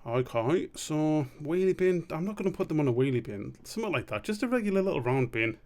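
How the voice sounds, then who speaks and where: A man's voice: mid-range voice, very animated, fast. A man streaming a drawing session, rambling and muttering to himself, swearing freely as he works. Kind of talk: casual live-stream commentary while drawing.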